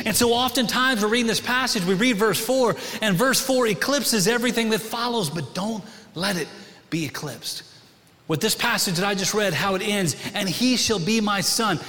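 A middle-aged man preaching a sermon to his congregation in a church, conversational and animated, often asking the room questions. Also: high-pitched, moderate pace. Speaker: pastor. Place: church sanctuary. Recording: long hall reverb.

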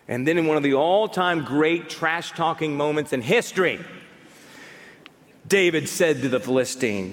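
A fairly high-pitched man preaching with mounting fervor, his voice ringing out in the long reverb of a large church hall. He talks straight to his congregation. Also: normal speed. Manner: animated, building to fired-up exhortation. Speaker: pastor. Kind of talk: sermon.

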